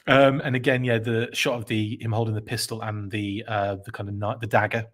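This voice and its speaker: A man's voice: lowish voice, measured pace, fairly bright tone. A man hosting a live podcast stream, reacting with enthusiasm, rambling and correcting himself as he reads out chat comments.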